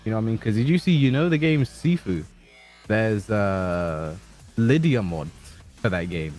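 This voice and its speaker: A man's voice: fairly low pitch, lively intonation, moderate pace, darkish tone, soft background music. A man co-commentating a fighting game tournament stream, riffing in a rambling way with lots of fillers.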